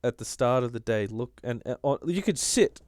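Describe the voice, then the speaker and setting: Animated Australian man with a smooth voice. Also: medium pitch, normal speed, no echo. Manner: animated, restarts often. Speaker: podcast co-host. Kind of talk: casual political chat.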